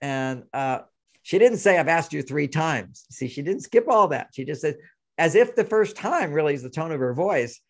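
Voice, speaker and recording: An older man, a relationship expert as interview guest, telling animated anecdotes and acting out both sides of the dialogue. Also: fairly high pitch, moderate pace. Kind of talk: conversational storytelling interview.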